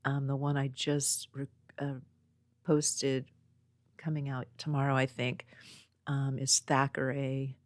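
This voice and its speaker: Low-voiced, chatty woman podcast host. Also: level tone, takes it slowly, no echo, studio quality. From Northern California. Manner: chatty, meandering storytelling. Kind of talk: casual chat. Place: home next to a small post office. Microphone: own podcast mic.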